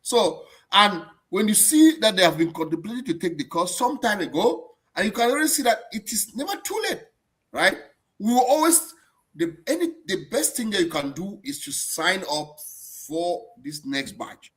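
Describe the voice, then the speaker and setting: A man born outside Germany hosts a casual live stream in an animated, chatty way at a moderate pace. His slightly high voice swings widely in pitch with a bright, forceful edge, and he often repeats words and restarts sentences.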